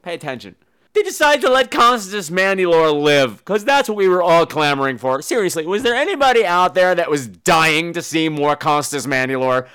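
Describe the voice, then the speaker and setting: A man's voice: fairly high pitch, very animated, normal speed, pushed and bright, clear, resonant tone. A man hosting a podcast, reviewing movies in a profane, sarcastic comedic rant. He swears freely and mimics the people he talks about. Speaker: podcast host reviewing films.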